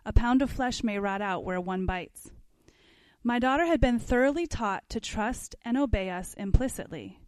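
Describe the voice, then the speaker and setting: Woman teacher, fairly high voice, reads aloud and asks the group questions, dry sound. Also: normal speed, dry recording. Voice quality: conversational, asks the class questions. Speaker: parenting class teacher. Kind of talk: reading aloud from a book and commenting.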